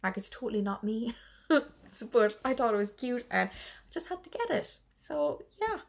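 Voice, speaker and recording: A woman's voice: a little high, big pitch swings, a little slow, vocal fry. A tired woman chatting casually in a rambling way on her cross-stitch vlog, laughing often. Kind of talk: casual chat.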